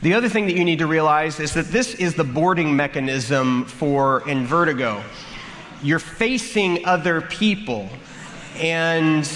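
A man preaching a sermon, telling a funny story in an animated way and acting out the characters. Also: fairly high pitch, a little slow. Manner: animated, acts out the story with comic voices. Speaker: pastor. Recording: long hall reverb, faint room noise.

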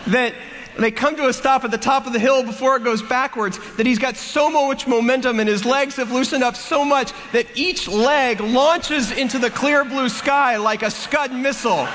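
A man preaching a sermon, telling a funny story in an animated way and acting out the characters. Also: extremely high pitch, normal speed. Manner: animated, acts out the story with comic voices. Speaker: pastor. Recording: long hall reverb, faint room noise.

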